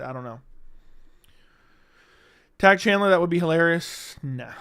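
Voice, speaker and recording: Young male streamer, slightly raised pitch and clean tone, loose, salty chat reading viewer comments. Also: smooth, no echo, clean studio sound. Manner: casual, profane, reads chat comments aloud. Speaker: livestream host. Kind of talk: casual live-stream chat.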